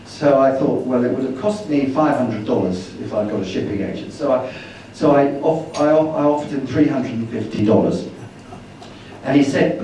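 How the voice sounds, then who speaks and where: A man's voice: medium pitch, normal speed, dark tone, a little hiss or hum. Chatty man in an echoing hall. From Britain. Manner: chatty and rambling, acting out quoted dialogue. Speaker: speaker at a travel meeting. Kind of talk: anecdotal slide-show talk. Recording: roomy hall, distant mic.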